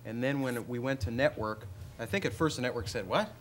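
A man from Canada, a comedian guest, explaining things in a talk show interview with quick asides. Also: mid-range voice, soft background music.

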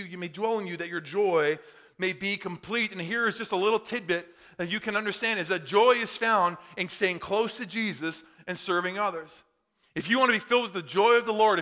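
A man's voice: sits high, sharp tone. A man preaching a sermon as pastor to his congregation, fervent and conversational. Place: church in front of a congregation.

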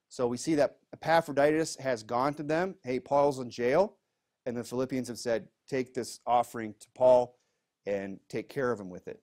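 A man's voice: medium pitch, normal speed, a little mellow. A man preaching a Bible study in a church, reading verses aloud with emphasis and explaining them in a casual, conversational way full of fillers. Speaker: pastor. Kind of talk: expository Bible teaching.

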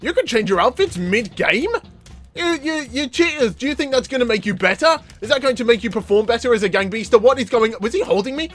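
A man hosting a gaming channel, giving excitable let's-play commentary full of yelling and laughter. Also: very high-pitched, fast talker, soft background music.

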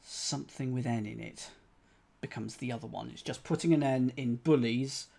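A man's voice: medium pitch, normal speed, vocal fry, dark tone. A man solving a cryptic crossword live on stream. He thinks aloud, spells out letters one by one and talks to his chat.

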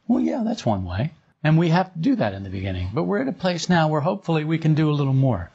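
A man's voice: on the high side, big pitch swings, fast, gravelly, darkish tone, breathy edge. A man teaching a group in an informal spiritual talk, conversational and chuckling often. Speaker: esoteric teacher. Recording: dull lo-fi recording.

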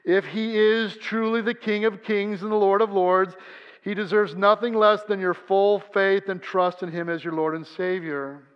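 A man's voice: high-pitched, steady tone, moderate pace, clean tone. A man preaching a sermon as pastor, earnest, acting out the voices he quotes. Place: church sanctuary. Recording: dull sound in a reverberant church hall.

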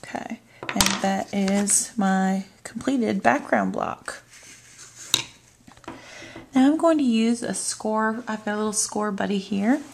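Gravelly slow woman explaining a craft project, some hiss behind her. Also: mid-range voice. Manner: calm, narrating her hands-on work. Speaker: card-making demonstrator. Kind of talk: step-by-step craft tutorial.

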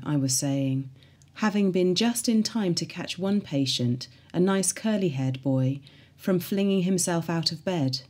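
A woman reading a diary aloud in a measured, earnest way. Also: fairly low pitch, darkish tone.

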